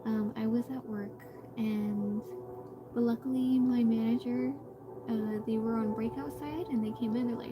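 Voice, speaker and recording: A woman's voice: on the high side, steady tone, moderate pace, poor audio. A woman streamer chatting casually while she draws, rambling with lots of fillers and restarts, and greeting viewers in passing. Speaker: live streamer. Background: background music.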